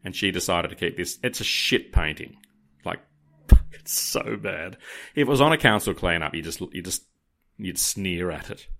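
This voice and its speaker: A man, telling a dramatic personal story to podcast listeners in a casual, animated way. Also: sits low, moderate pace.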